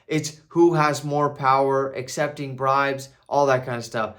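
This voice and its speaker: A man's voice: a little high, takes it slowly, bright, forceful tone. A man talking casually as a movie reviewer, restarting phrases and tagging his points with "right?". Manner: conversational, repeats himself, tags "right?". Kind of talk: casual video commentary.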